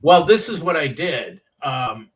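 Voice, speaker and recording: A comedian telling animated stories from his years on the comedy circuit, acting out the voices of people in them. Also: fairly high pitch, unhurried, distant mic, poor audio. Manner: animated storyteller, acts out quoted voices. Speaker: comedian guest. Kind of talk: casual storytelling.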